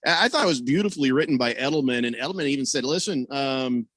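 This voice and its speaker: A man hosting a sports radio talk show, telling stories in a lively way and voicing the people he quotes. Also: racing, no room sound. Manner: animated storyteller, voices quoted people with big pitch jumps. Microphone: studio microphone over video call.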